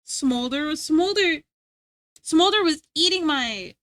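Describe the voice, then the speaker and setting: In a slow, lively voice that sounds slightly bright, this woman chats casually with her stream audience, playful and rambling, stumbling over words and starting sentences again. There is no echo. Scolding her dog, she switches to a high sing-song.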